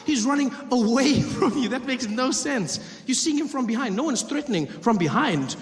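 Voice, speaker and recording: A man doing stand-up comedy, telling a story with animated delivery and acted-out scenes. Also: extremely high pitch, fairly quick. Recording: reverberant hall with audience.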